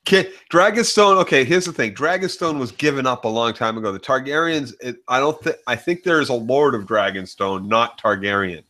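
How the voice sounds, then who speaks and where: A man co-hosting a casual podcast chat, retelling scenes in an animated, profane way. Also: medium pitch, a little fast, hardly any pauses. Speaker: co-host.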